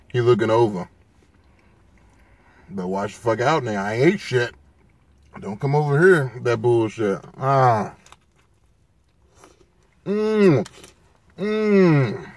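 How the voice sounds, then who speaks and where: Parked in his car and short on sleep, a food-review vlogger speaks into his phone, swearing excitedly as he raves about what he's eating. He talks unhurriedly in a medium-pitched voice, pausing often.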